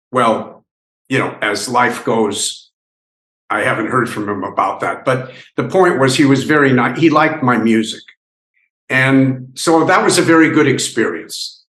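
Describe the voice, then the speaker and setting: Slow-talking older man in an echoey room. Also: medium pitch, a bit bright. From United States. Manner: rambling, halting storytelling with many restarts. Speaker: actor interviewee. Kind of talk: reminiscing interview.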